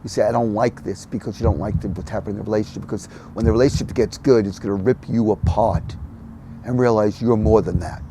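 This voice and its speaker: Gravelly older man, animated storyteller. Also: lowish voice, quick pace, background noise. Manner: animated, swings from soft murmurs to loud emphatic bursts. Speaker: podcast guest. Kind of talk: conversational storytelling.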